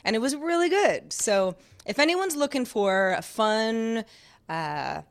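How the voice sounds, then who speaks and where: A woman's voice: on the high side, expressive, slow pace. A woman co-hosting a podcast in casual chat, rambling cheerfully and laughing often. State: sore shoulder. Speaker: podcast co-host.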